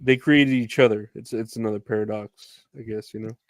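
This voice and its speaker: A man co-hosting a casual podcast chat, laid-back and quick to laugh. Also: fairly low pitch, steady tone, no room sound, clean studio sound. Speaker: podcast co-host.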